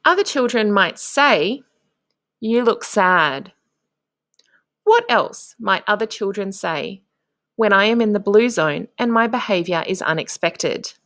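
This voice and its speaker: A woman, a primary teacher, talks young children through a lesson. Her pace is unhurried and her pitch swoops up and down in a sing-song way. The voice-over is close and dry, with no room sound. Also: sing-song, a bit bright, no echo. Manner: slow, sing-song and encouraging, with clear prompts to the class. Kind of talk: instructional narration for young children.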